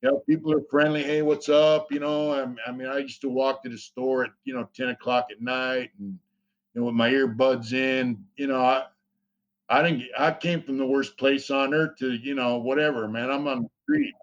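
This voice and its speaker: A man's voice: medium pitch, steady tone, moderate pace. Male interview guest, casual storyteller, rambling and profane, dull lo-fi sound. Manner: rambling, profane, many fillers.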